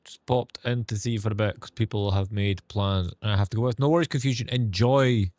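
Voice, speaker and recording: A man's voice: fairly low pitch, fairly quick, a little mellow. A man streaming a game, chatting casually with viewers in a sarcastic tone and swearing freely.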